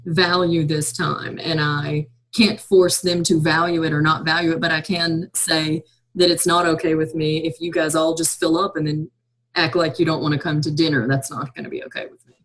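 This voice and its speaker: A woman with a lowish, husky voice talks through a parenting problem as host, chatty and laughing easily. She is heard over a low-quality video call. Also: little pitch movement, moderate pace. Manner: chatty, laughs often, acts out scolding her kids. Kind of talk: casual conversation about parenting.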